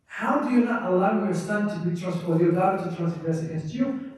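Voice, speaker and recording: High-voiced man teaching in echoey hall. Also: darkish tone. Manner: repetitive, keeps asking "right?". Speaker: religious teacher. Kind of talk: classroom lecture. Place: mosque hall. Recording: echoey room, distant mic.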